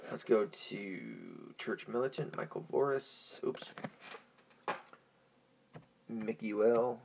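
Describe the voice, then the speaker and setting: A man's voice: on the low side, huge pitch swings, slow pace, creaky, a little mellow, a little hiss or hum. A young man hosting a podcast in a casual, profane, rambling monologue, stoned and easily distracted. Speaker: podcast host.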